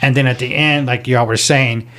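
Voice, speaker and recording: A man's voice: medium pitch, steady tone, moderate pace, a bit bright. A man co-hosting a casual podcast, arguing his opinions about a reality show. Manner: opinionated, argues his view. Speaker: podcast co-host.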